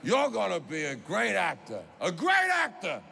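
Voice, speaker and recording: A man putting on an excitable older male film actor who shouts and drags out his words. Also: sits high, gravelly, big-room sound, very noisy, exaggerated voice. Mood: gushing, shouting. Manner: loud, shouting, drawn-out insistence.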